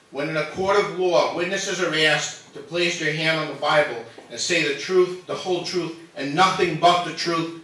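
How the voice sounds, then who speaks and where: A man's voice: fairly high pitch, pushed and bright. A man giving a formal, earnest public statement at a meeting, nervous and emotional as he defends himself. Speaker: resident speaking at public comment. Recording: echoey hall from far off.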